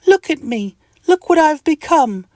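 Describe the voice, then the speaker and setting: A man voicing a tiny, fuzzy, smug male itch creature in a children's audiobook, with a high squeaky voice. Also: big pitch swings, measured pace, a little mellow, dry recording, clean studio sound, exaggerated voice. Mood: distressed.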